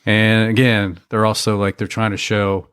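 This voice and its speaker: A man's voice: lowish voice, level tone, moderate pace, fairly bright tone, smooth, no room sound, clean studio sound. A man co-hosting a podcast, telling stories in a rambling, agreeable way. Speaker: podcast co-host. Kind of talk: casual chat.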